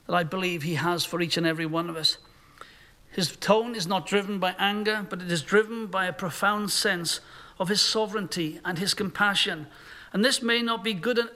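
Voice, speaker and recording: A man's voice: high voice, bright, forceful tone. A male pastor delivering a sermon in an earnest manner, sometimes acting out imagined voices.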